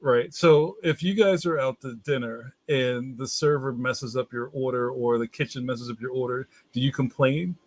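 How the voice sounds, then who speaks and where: A man's voice: medium pitch, moderate pace, hardly any pauses, no room sound. A man speaking as a guest in a casual chat, talking in a loose, chatty way and putting on voices in his anecdotes.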